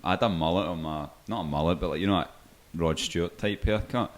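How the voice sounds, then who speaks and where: A man's voice: low-pitched, quick pace. A young man co-hosting a podcast, rambling hesitantly and putting himself down in casual chat. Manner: hesitant, rambling, self-deprecating. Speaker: podcast co-host.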